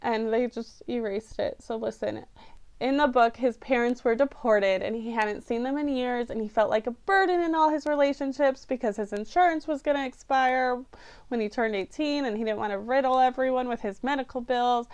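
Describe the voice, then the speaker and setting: Young woman vlogger, high smooth voice, chatty and rambling, emotional delivery. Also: normal speed, a little mellow. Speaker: book reviewer vlogger. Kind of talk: casual chat to camera.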